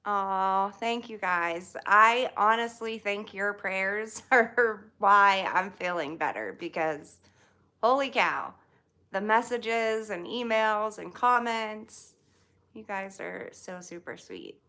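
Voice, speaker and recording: A woman's voice: medium pitch, takes it slowly, pushed and bright. A woman, chatting casually with livestream viewers, greeting them by name and laughing often. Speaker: livestream host.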